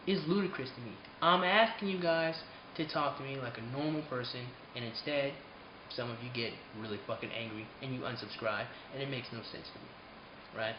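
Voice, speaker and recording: A man talking straight to his viewers in a casual vlog rant, swinging between heated outbursts and quiet asides and swearing freely. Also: medium pitch, echoey room, highs cut off, slight background noise. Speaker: channel host.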